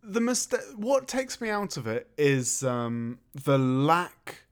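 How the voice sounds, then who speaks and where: A man tears into a film in casual podcast chat. He swears freely and sounds sarcastic, and his fairly high voice swings widely in pitch. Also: very animated, slow, clear, resonant tone. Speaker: podcast co-host.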